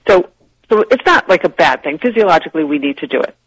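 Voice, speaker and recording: A woman guest on a radio talk show, explaining ideas in a lively, chatty way and laughing easily. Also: lowish voice, quick pace, husky, low-quality recording. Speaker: guest, publishing executive. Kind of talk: casual radio interview.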